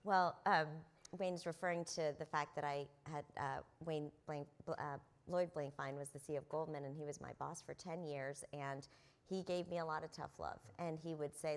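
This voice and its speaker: A woman's voice: sits low, steady tone, moderate pace. A middle-aged woman on a convention panel, telling earnest stories about mentors with plenty of ums and uhs. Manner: earnest anecdotal storyteller with frequent fillers. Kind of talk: conference panel storytelling. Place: convention stage.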